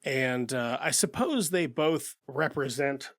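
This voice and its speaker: A man's voice: mid-range voice, slow, a bit bright, dry recording. Guy casually chatting films on a podcast, swears a lot, dry close mic. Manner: blunt, swears often, acts out characters. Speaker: podcast co-host. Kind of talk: casual movie chat.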